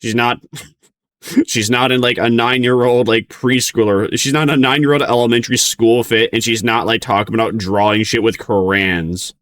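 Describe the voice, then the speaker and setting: A man's voice: medium pitch, fairly even intonation, moderate pace, fairly bright tone. A man streaming casual reaction commentary, rambling with frequent laughs and mocking sing-song outbursts.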